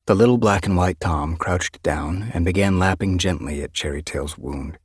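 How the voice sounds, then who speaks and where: A man reads an audiobook with steady, measured storytelling. His voice is deep and slightly husky. The recording is dry and close, with no room sound. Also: dry recording. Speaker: audiobook narrator. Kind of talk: scripted narration.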